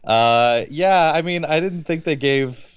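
A man co-hosting a casual film review chat, speaking in a measured, hesitant way with many fillers. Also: fairly high pitch, clear, resonant tone, lo-fi sound. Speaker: podcast co-host.

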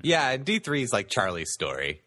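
A man co-hosting a casual movie podcast, joking, with sarcastic asides and quick laughs. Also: medium pitch, wildly swooping pitch, bright, forceful tone, no room sound, studio quality. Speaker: podcast co-host.

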